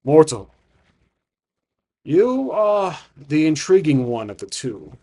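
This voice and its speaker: A man voicing an ancient, dying male dragon who speaks slowly and gravely in a tabletop game. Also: fairly high pitch, sing-song, mellow, exaggerated voice. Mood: solemn. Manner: slow, grave, measured speech.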